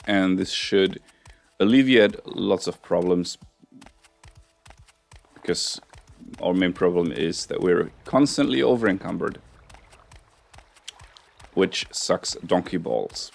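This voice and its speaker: A man's voice: deep voice, lively intonation, slow pace, vocal fry, long pauses. A man hosting a let's-play, chatting casually about what he is doing in the game, rambling and joking at his own expense, on a headset mic. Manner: rambling, chatty, self-mocking. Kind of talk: casual gameplay commentary.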